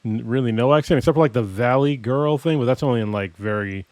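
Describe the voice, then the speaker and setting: Man, podcast co-host, casual chat, slangy, relaxed, mid pitch. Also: quick pace, no echo. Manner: laid-back, frequent laughter, slangy.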